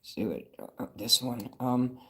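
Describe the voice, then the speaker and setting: The older man running this casual livestream has a husky, sharp-toned voice of medium pitch, fairly even in intonation and measured in pace. He drifts through his chat, swears freely and takes up viewers' comments.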